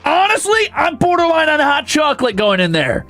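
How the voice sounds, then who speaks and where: A young man streaming casually, reading viewer comments aloud and ranting with lots of swearing, flipping between outrage and mock calm. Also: very high voice, unhurried, vocal fry, few pauses, soft background music. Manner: profane, excitable ranting that swings to mock calm.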